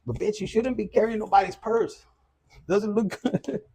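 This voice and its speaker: A man's voice: high voice, normal speed, dark tone, slight background noise. A man giving a loose, profane, casual collective tarot reading. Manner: loose and profane, with Spanish slang mixed in. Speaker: tarot reader.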